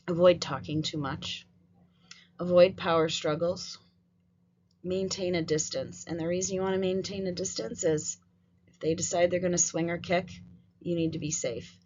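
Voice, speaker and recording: A woman presenting a staff training session on calming students, talking conversationally and often checking in with "right?" and "um". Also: on the low side, breathy edge. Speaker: school behavior trainer. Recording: dull lo-fi audio with faint noise.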